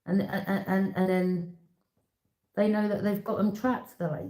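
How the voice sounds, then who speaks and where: A woman's voice: medium pitch, little pitch movement, unhurried, mellow. A woman giving a casual tarot reading, talking bluntly and with emphasis, repeating herself and speaking straight to the viewer. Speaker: tarot reader. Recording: echoey room.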